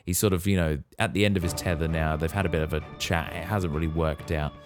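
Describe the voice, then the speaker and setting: A man hosting a podcast, retelling a movie plot in a relaxed way and quizzing his co-host. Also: sits low, quick pace, over music. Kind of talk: casual movie recap.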